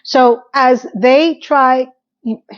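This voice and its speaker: A woman's voice: sits high, fairly even intonation, very slow, lo-fi sound. Sassy woman recapping a TV episode. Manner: chatty and sassy, addresses viewers directly. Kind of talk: casual episode recap commentary.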